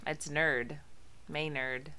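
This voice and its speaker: A woman's voice: sits low, fairly even intonation, extremely slow, sharp tone, clear, resonant tone. A woman co-hosting a casual podcast, dry and teasing, laughing often. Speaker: podcast co-host.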